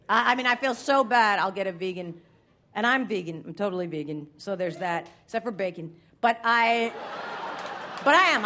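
A woman comic on stage, talking in a slightly high voice. She rambles through self-deprecating asides and slips into mock-formal phrasing. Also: a bit bright, slight background noise. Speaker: stand-up comedian. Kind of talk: stand-up set before a live audience. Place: live music venue stage.

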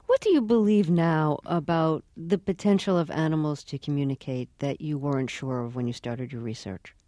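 Woman host, low mellow voice, calm interviewer. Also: normal speed, no room sound, studio quality. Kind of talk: interview questions.

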